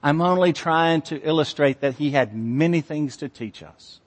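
A man preaching a sermon as pastor, reading scripture and driving his points home with emphatic, measured phrasing. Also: a little high. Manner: slow, emphatic preaching with long pauses and rising intensity. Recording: long hall reverb.

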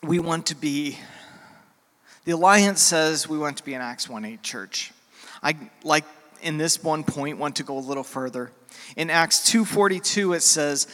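A middle-aged man preaching a sermon as a pastor, earnest and heartfelt, with pauses and fillers. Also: fairly high pitch, sharp tone. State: emotional, near tears. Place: church sanctuary. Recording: church hall with long reverb.

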